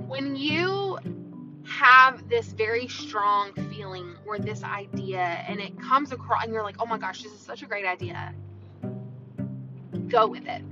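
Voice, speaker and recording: A woman hosting a podcast, talking in an earnest, encouraging way and often asking "right?" and "you know". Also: a little high. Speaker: podcast host. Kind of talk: motivational podcast monologue. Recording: dull lo-fi sound with music behind.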